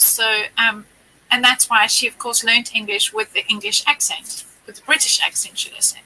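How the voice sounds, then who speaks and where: A woman joining a livestream as a guest, telling stories in a wry, quick, casual way. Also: a little high, pushed and bright, poor audio. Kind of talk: casual chat.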